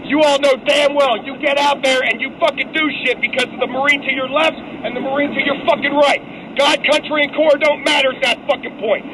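A man giving a fierce, profane pep talk to fellow Marines, shouting and swearing as he rallies them. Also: very high voice. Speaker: Marine rallying troops. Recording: loud crowd and traffic noise.

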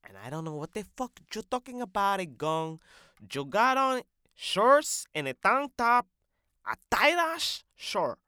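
Brief: a man as a loud, lively, profane comedy host with a bright voice. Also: unhurried, smooth, no echo, studio quality, heavily acted. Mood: loud ribbing. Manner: loud, brash, swears constantly, pitch jumps high. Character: brash loud profane male podcast host. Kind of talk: comic sketch.

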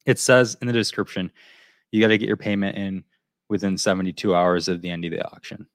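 A man's voice: deep voice, brisk, dry recording. A man co-hosting a podcast, telling a long story in casual chat and looping back with "so anyway.". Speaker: podcast co-host.

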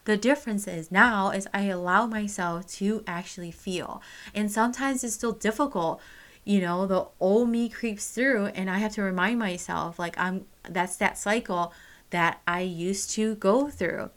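Bright-voiced young woman, candid and casual. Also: medium pitch, measured pace. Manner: candid, casual, swears freely, many fillers. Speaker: vlogger. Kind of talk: personal storytelling monologue.

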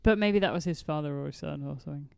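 A woman's voice: low-pitched, fast, vocal fry, darkish tone, smooth, no echo, clean studio sound. A woman from England co-hosting a casual podcast, sharing fun facts with a giggly, enthusiastic manner. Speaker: podcast co-host. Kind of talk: casual chat.

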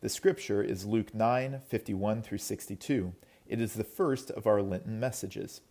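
A man's voice: on the low side, unhurried, dark tone, long reverb tail. A man preaching a sermon as pastor, in a conversational storytelling manner.

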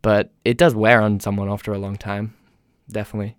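A young man from England with an English accent softened by years in North America, talking in a casual, rambling, self-deprecating monologue. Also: fairly low pitch, little pitch movement, fairly quick, smooth, no room sound, clean studio sound.

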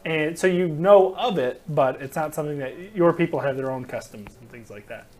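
A man runs a tabletop game in a loose, chatty way, stopping for fillers and laughs as he narrates. His voice sits a touch higher than most men's. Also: fairly quick, darkish tone. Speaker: game master.

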